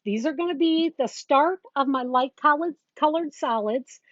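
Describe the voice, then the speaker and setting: A woman's voice: high-pitched, normal speed, no room sound. A woman teaching quilting in a live demonstration, chatting casually as she works and greeting viewers. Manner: chatty, talks while working, greets viewers. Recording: dull lo-fi sound with faint noise.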